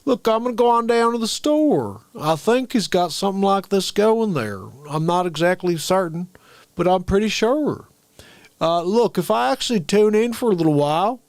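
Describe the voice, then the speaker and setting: Brief: boastful, salesy TV advice doctor with a folksy drawl, as impressed by a man, lively swings in pitch. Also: smooth, no room sound. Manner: salesy drawl, over the top.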